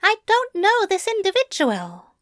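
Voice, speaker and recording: A woman voicing a fussy, fretful male angel whose speech comes out shrill and blurted. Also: animated, slow, a bit bright, dry recording, studio quality, exaggerated voice. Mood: frantic. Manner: high-strung, blurting.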